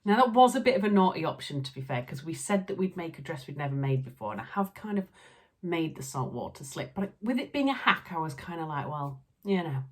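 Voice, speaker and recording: A woman's voice: deep voice, very animated, quick pace. A woman with a Yorkshire accent, chatting casually to camera as a sewing vlogger, with frequent laughs and filler ums. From Yorkshire, England.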